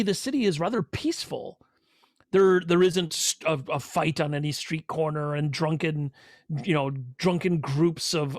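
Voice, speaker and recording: A man's voice: fairly high pitch, dry recording, clean studio sound. A man narrating a tabletop role-playing game as game master, telling the scene in a rambling way with many fillers. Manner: rambling, filler-heavy storytelling.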